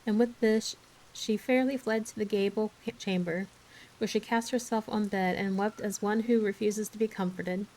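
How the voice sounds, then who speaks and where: Brief: woman reader, steady expressive storybook narration, mid pitch. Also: moderate pace, rough recording. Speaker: streamer reading aloud. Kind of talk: storybook read-aloud.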